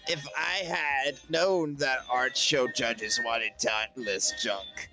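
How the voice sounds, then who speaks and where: A man reading a catty teenage girl's lines aloud in a sarcastic, drawn-out way. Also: medium pitch, sharp tone, faint music behind, exaggerated voice. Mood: snide. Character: catty mean teenage girl.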